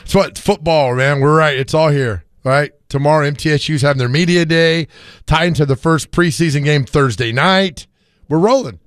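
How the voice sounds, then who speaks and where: Hoarse, animated radio host. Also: male voice, a little high, moderate pace, no room sound, studio quality. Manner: animated storyteller, laughs often. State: hoarse from screaming. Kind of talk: casual sports radio chat.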